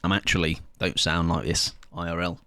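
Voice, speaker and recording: Young male streamer, loud and high-energy, slightly low voice, dry close sound, chatty. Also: level tone, a little fast, no echo. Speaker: livestreamer. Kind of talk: casual gaming livestream chat.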